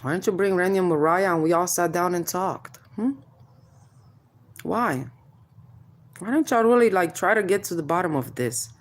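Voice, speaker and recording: Speaking at normal speed in a fairly low voice, a mother addresses child services officials straight to camera, confrontational and probing with "hmm?". She calls people "baby" and warns them of spiritual payback.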